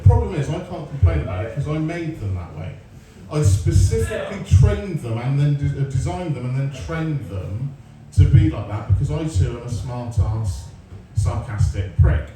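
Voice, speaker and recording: A man's voice: mid-range voice, lively intonation, moderate pace, hardly any pauses, mellow, distant mic, slight background noise. Sarcastic sweary man doing stand-up. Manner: sarcastic, sweary, storytelling with crowd work. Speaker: stand-up comedian. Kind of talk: stand-up comedy set. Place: comedy club stage. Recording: roomy live venue, mic heard from afar, crowd. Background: audience laughter.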